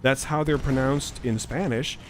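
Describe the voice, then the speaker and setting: A man's voice: mid-range voice, steady tone, unhurried. A man chatting casually as a podcast co-host over gameplay. He rambles through anecdotes with a lot of fillers and restarts, laughing along the way. A faint hiss of noise sits under the voice. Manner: rambling storyteller, laughs often. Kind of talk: casual chat while gaming.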